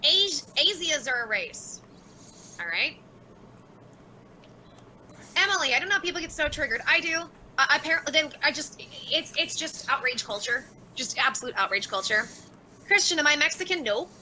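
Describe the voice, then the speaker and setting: A woman's voice: high-pitched, animated, normal speed, pauses often, pushed and bright, a little hiss or hum, rough recording. A woman hosting a casual livestream, reading out viewer chats and answering them by name in a sarcastic, laughing way. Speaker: livestream host.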